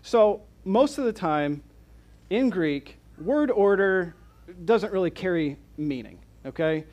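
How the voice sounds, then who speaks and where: A pastor preaching an expository sermon in church, asking his congregation rhetorical questions in an animated, conversational way. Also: high-pitched, measured pace, lo-fi sound.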